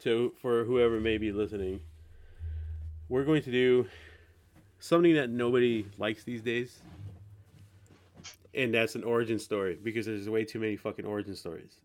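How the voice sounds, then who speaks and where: A man's voice: on the low side, normal speed, pauses often. Sick-voiced casual podcast host man. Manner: loose and conversational, swears casually. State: sick, congested voice.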